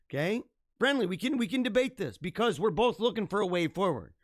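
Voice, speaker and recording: A man hosting his own livestream show, signing off in an energetic, rambling, chatty way, his voice a little hoarse. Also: sits high, fairly quick, no echo, clean studio sound. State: slightly hoarse. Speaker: podcast host. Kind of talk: casual livestream sign-off.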